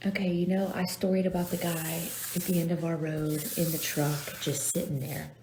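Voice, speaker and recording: A woman's voice: fairly low pitch, little pitch movement, moderate pace, a little mellow, a little hiss or hum. A woman telling a self-deprecating story to camera as a lifestyle vlogger. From North Carolina, US. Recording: echoey room.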